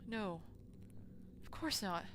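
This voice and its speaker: A woman's voice: mid-range voice, lively intonation, slow, background noise. Woman reading as a grim old priest. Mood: solemn. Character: older male priest confessing, grim and resigned.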